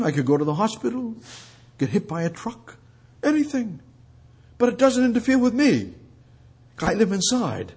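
Fervent male preacher, husky and fairly high, bursts loud then drops to a hush. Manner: fervent, repetitive, swings between loud outbursts and hushed prayer. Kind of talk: sermon.

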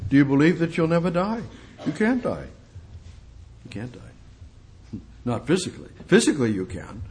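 A man preaching a sermon and reading scripture aloud, who repeats his phrases, questions his listeners, and swings between loud exclamations and quiet asides. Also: fairly high pitch.

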